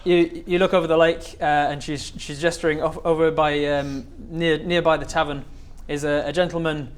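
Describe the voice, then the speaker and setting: A man's voice: fairly high pitch, little pitch movement, moderate pace. A man narrating as game master of a comedy tabletop game, loose and hesitant, with frequent filler.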